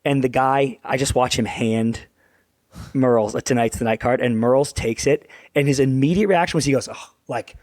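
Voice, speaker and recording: A young man co-hosting a hockey podcast who tells a long story in a rambling, animated way, swears freely and acts out what people said. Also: mid-range voice, moderate pace, no room sound. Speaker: podcast co-host. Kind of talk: casual storytelling chat.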